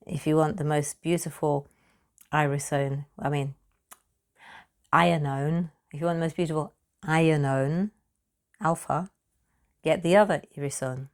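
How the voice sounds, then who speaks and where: A British woman with a slightly low voice talks chattily about perfume ingredients. She laughs a lot, and her words tumble and repeat when she gets enthusiastic. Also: steady tone, a little slow, long pauses, a little mellow. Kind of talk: casual talk on perfume materials.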